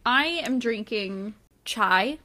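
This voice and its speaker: A woman's voice: mid-range voice, slow, bright, forceful tone. A young adult woman co-hosting a podcast, chatting casually in a blunt, giggly way. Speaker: podcast co-host. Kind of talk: casual chat.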